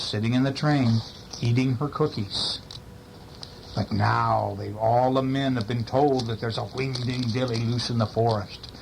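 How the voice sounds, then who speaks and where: A man's voice: mid-range voice, vocal fry, background noise. Man reading a bedtime story aloud. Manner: casual, chatty asides to the listener. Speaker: parent reading to a child.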